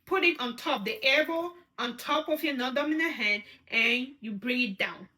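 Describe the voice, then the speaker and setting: A woman's voice: sits high, moderate pace, sharp tone. A woman teaching sign language step by step, patiently repeating each word and checking in with her viewers. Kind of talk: step-by-step instruction.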